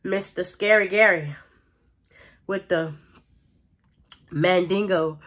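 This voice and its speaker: A woman's voice: fairly low pitch, slow, a bit bright. Chatty woman gossiping through a show recap. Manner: chatty, gossipy retelling with frequent "like" and laughter.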